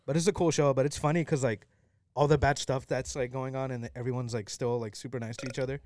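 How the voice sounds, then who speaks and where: A man's voice: medium pitch, steady tone, fast talker, darkish tone. A young man co-hosting a podcast, chatting casually with many fillers and an eager way of telling stories. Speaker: podcast co-host. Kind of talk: casual chat.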